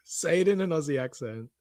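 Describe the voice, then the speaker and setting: A man's voice: fairly high pitch, darkish tone, no room sound. A man co-hosting a podcast, chiming in playfully and eagerly. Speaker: podcast co-host. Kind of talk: casual chat.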